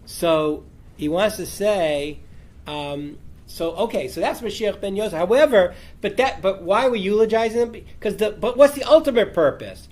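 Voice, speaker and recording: A man's voice: high-pitched, moderate pace, a little mellow. Man teaching a Talmud class, questioning. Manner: reads the text aloud, then explains it with rhetorical questions.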